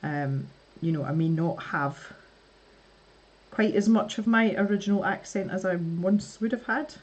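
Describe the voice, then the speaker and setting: A woman from the West Coast of Scotland with a softened West Coast Scottish accent, chatting casually on a livestream, laughing often and restarting her sentences. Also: on the low side, unhurried, breathy edge. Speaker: art livestream host. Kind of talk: casual chat reading live comments.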